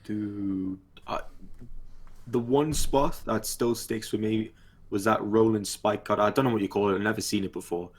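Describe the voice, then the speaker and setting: A young man co-hosts a wrestling chat in an easygoing, slangy way. His voice sits a little low, and his talk stays relaxed and offhand. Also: normal speed. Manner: laid-back, slangy. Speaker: co-host. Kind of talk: casual wrestling review chat.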